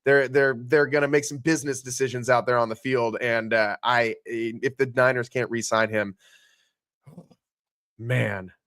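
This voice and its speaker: A man's voice: mid-range voice, fairly even intonation, unhurried, fairly bright tone, dry recording, studio quality. A man guesting on a sports podcast, giving emphatic, opinionated analysis in casual chat.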